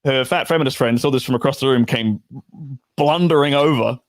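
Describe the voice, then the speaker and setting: An Australian man tells a story in blunt, casual chat, swearing often and tossing in laughing asides. His voice sits at an ordinary middle pitch. The sound is close and dry, with no room echo. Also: brisk. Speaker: storytelling host.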